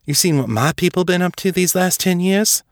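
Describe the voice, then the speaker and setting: A man reading the lines of a quiet, stoic male officer in a guarded, low-key way. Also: normal speed, gravelly, no room sound, studio quality. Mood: earnest.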